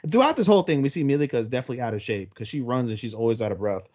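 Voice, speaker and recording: Young male co-host, crude and swear-heavy recap style, mid-pitched, dull lo-fi mic. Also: animated, a little mellow. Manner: crude, profanity-heavy retelling with quick put-on voices. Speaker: podcast co-host. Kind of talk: casual chat recapping an episode.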